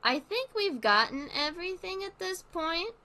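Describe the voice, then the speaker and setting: A woman's voice: very high-pitched, big pitch swings, normal speed, bright, forceful tone. A woman streamer giving casual commentary while playing, rambling and thinking aloud with lots of fillers.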